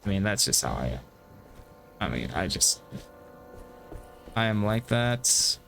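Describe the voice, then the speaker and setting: A man's voice: fairly low pitch, big pitch swings, unhurried, creaky, a bit bright, soft background music. A man giving casual gameplay commentary, rambling, swearing freely and poking fun at himself. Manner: profane, rambling and self-deprecating. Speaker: gameplay streamer.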